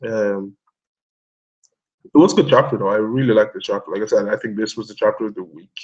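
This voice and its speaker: A young man in casual chat about comic chapters, excitable and swearing, laughing often as he quotes characters. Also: on the low side, brisk, highs cut off. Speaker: manga discussion host.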